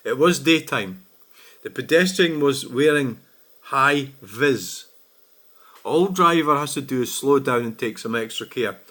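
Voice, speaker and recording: A man's voice: mid-range voice, bright, forceful tone. A Scottish man giving blunt, exasperated casual commentary on comments he has received, swearing freely. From Scotland. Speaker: vlogger.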